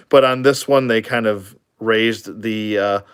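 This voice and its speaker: A man with a somewhat low voice talks through a casual toy review. He rambles loosely, filling pauses and chuckling along the way. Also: big pitch swings, smooth. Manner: rambling, many fillers and chuckles.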